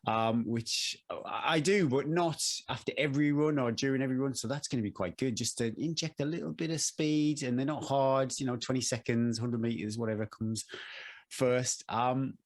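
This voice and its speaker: A man's voice: mid-range voice, normal speed. A man co-hosting a running podcast in casual chat, easygoing and self-deprecating. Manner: easygoing, self-deprecating, laughs at own jokes. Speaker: podcast co-host.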